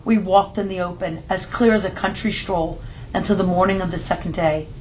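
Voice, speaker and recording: A woman reading a children's picture book aloud in steady, measured narration. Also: on the low side, dull audio, slight background noise. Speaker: storybook reader.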